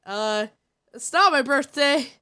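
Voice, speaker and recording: A woman's voice: high-pitched, animated, slow, bright, forceful tone. Stuffed-up woman streamer chatting playfully. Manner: playful, teasing the chat. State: congested, stuffed-up nose. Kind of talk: casual live-stream chat.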